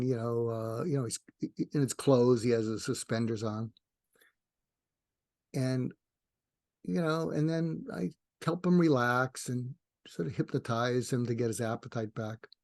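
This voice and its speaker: Speaking in a creaky, mid-range voice, an older man who is a retired psychiatrist tells rambling personal stories as a podcast guest. He's a warm, tangential storyteller in a casual storytelling interview, captured in a dry, studio-quality recording.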